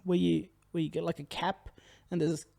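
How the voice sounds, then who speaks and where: A man's voice: a little high, little pitch movement, normal speed, creaky, crowd noise. A young man co-hosting a podcast, telling rambling stories in a casual chat and laughing as he goes. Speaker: podcast co-host.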